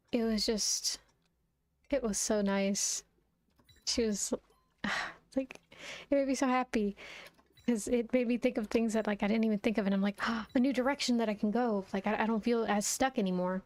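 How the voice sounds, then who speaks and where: A woman's voice: medium pitch, darkish tone, no echo. A woman streamer chatting casually and rambling while she plays a video game, laughing often. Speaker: VTuber streamer. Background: faint game music.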